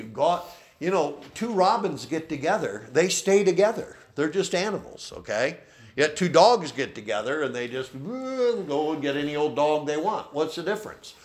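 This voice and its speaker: A man preaching a sermon as pastor, who often ends his points with a questioning "okay?". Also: fairly high pitch. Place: church.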